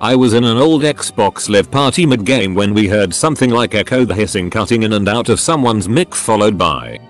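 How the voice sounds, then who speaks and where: A man reading out online stories in a steady scripted narration. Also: lowish voice, normal speed, hardly any pauses, soft background music.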